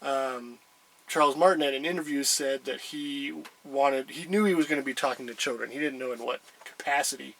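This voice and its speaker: Bright-voiced man chatting casually. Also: mid-range voice, fairly quick, gravelly, poor audio. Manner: rambling, hesitant, many ums. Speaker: collector showing an item. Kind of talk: casual chat.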